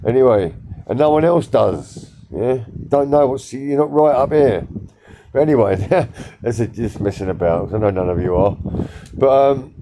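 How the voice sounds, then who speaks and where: A man's voice: lowish voice, normal speed, creaky, dark tone, slight background noise. A man vlogging casually, rambling with many fillers and repeats, blunt and swearing. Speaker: social media vlogger. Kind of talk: casual talk to camera.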